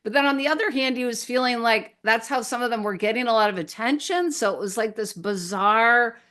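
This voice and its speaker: A woman's voice: a little high, fairly quick. A middle-aged woman hosting an interview, asking questions and affirming often. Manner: warmly affirming, frequent "yes" and "brilliant". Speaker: podcast host. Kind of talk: interview conversation.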